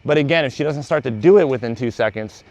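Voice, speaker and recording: A man, a dog trainer, talking through training in a casual vlog while he works a dog outdoors, out of breath and very animated. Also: quick pace, muffled recording. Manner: very animated, high excited praise to the dog.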